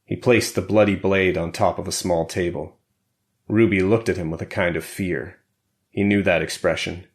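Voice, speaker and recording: A deep, low male voice narrating a thriller audiobook. He reads steadily and evenly, keeping his tone controlled through the action. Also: fairly even intonation, moderate pace. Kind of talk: scripted narration.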